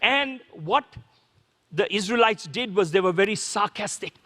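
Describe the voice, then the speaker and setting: This Sri Lankan preacher, whose male voice is pitched unusually high, sounds animated and sharp-toned as he moves at a normal speed. Chatting with the congregation, he keeps throwing out rhetorical questions, and the church hall's long reverb makes every word ring.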